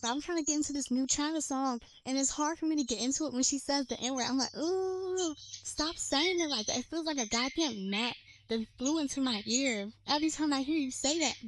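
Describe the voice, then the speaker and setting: Blunt high-voiced American woman ranting. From United States. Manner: blunt, profane, emphatic. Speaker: content creator. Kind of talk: casual rant to camera. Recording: clicky noisy recording.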